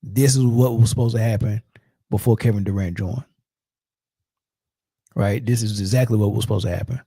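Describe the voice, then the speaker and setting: A man's voice: fairly low pitch, normal speed, gravelly, dark tone, husky, no echo, studio quality. A man in his forties hosting a sports show, talking loose and slangy in a rambling, storytelling way. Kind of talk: casual sports talk.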